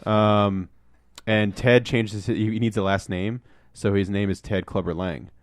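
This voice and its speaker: A man's voice: on the low side, fairly even intonation, unhurried, no room sound, clean studio sound. A man casually chatting as a podcast co-host, rambling with lots of ums and acting out movie lines. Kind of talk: casual chat, movie review.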